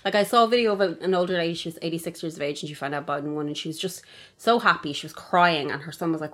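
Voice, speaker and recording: A woman's voice: deep voice, racing. A woman co-hosting a podcast, talking bluntly and heatedly with plenty of swearing. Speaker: podcast co-host. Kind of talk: casual chat.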